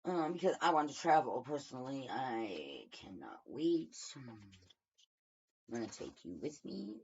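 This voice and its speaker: Slow, husky tarot reader. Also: medium pitch, big pitch swings, darkish tone. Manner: rambling, thinking aloud with many fillers. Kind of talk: casual daily tarot reading. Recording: dull lo-fi recording.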